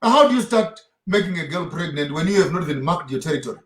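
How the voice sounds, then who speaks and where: A man speaking in an emphatic, preaching way, driving his points home and throwing out rhetorical questions. His voice sits slightly high for a man. The room around him echoes. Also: animated, quick pace. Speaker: guest speaker. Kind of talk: impassioned interview talk. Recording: roomy echo.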